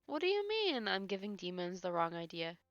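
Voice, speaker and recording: A woman's voice: medium pitch, sing-song, fairly quick, fairly bright tone, no echo, dull audio. A woman livestreamer chatting casually with her chat, teasing and swearing while she rambles.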